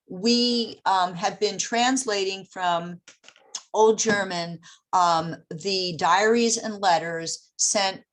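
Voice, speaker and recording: A woman giving a virtual presentation, speaking with frequent ums and pauses. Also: lowish voice. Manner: halting, many fillers. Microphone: video call.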